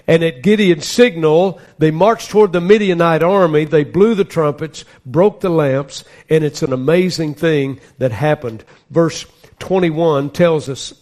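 A man's voice: on the high side, darkish tone. A man preaching a sermon, reading scripture aloud and building to earnest emphasis. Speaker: pastor.

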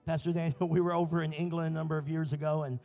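An American man preaching a prophetic sermon, telling stories and building to shouted fervor. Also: on the high side, level tone, quick pace, vocal fry, faint music behind. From United States.

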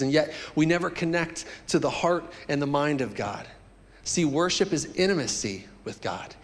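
A man preaching a sermon as pastor, animated and joking as he talks directly to the congregation. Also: a little high, in a large hall.

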